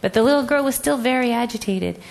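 A woman educator with a fairly high, fast, creaky voice gives a presentation. She tells a story from the classroom and acts out the quoted voices in this presentation talk.

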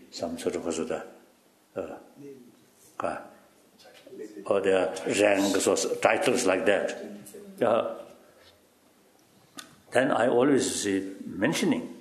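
A man giving halting, reflective interview answers in broken English, often repeating "you see" and chuckling. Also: lowish voice, echoey room. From Tibet. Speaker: interviewee, spiritual teacher.

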